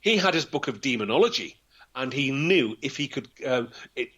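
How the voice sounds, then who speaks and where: A male storyteller with a lively, animated delivery that rises and falls dramatically. His voice is bright and forceful yet husky, pitched a little high. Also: moderate pace. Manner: theatrical, vivid, acts out voices. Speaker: local historian storyteller.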